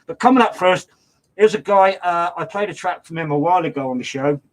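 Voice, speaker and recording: An older man presenting a radio show, chatting casually and rambling as he reads out track details and shout-outs. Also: high voice, a little fast, rough recording.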